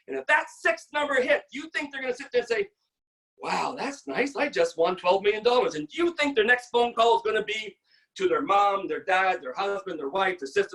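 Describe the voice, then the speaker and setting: A woman in her sixties giving a blunt, energetic motivational sales training talk on a video call. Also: on the high side, fairly quick, recorded from a distance.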